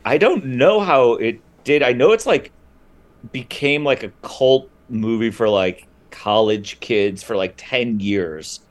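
A man of middle pitch talks his way through a casual podcast chat as the guest. He rambles enthusiastically, stringing thoughts together with lots of filler words. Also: animated, takes it slowly. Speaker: guest, writer and comedian.

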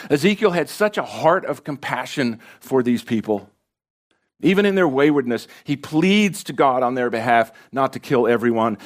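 An impassioned male pastor delivering a sermon in a church sanctuary. He speaks at a medium pitch and presses rhetorical questions on the congregation, swinging between quiet, earnest stretches and forceful emphasis.

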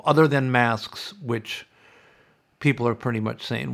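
Gravelly-voiced man hosting a podcast. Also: mid-range voice, normal speed. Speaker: podcast host. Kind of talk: casual podcast chat.

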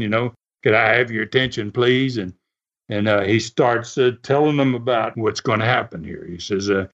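A man, a former wrestler, telling a story in a folksy, laughing way with many fillers. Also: medium pitch. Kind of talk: casual storytelling. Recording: slightly muffled recording.

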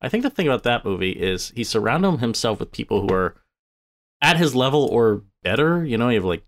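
A man's voice: mid-range voice, fairly quick. A man co-hosting a podcast, chatting casually and with animation about films, joking as he goes. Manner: animated, jokey, drops into a mock accent. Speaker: podcast co-host, film critic. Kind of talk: casual film chat.

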